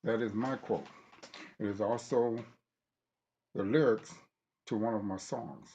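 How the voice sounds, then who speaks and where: A man reading aloud from a book he wrote, deliberate and halting, stopping to correct himself. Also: lowish voice, warm tone, husky. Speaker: author reading his own book.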